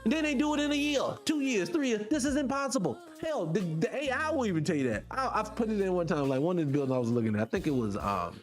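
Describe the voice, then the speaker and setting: A man hosting a casual monologue for his viewers, firing off rhetorical questions and the odd swear word in an animated way. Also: high-pitched, quick pace, few pauses, soft background music. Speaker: podcast host.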